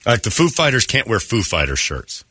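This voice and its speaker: Husky-voiced wry radio host man. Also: lowish voice, moderate pace, no room sound, studio quality. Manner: wry, deadpan joking with frequent laughs. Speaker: morning radio show host. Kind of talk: casual radio banter.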